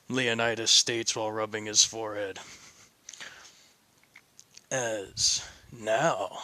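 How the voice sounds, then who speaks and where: A man's voice: on the low side, steady tone, takes it slowly, long pauses, bright, forceful tone, no room sound. A man casually narrating a fan-made story, wandering off track, correcting himself and adding chuckling asides.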